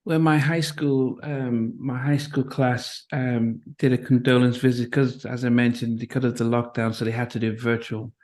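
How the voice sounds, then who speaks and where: Middle-aged guy from nigeria, pretty flat monotone, halting, lots of um and restarts. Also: medium pitch. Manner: halting, many restarts and fillers, reflective. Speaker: interview host. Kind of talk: conversational interview.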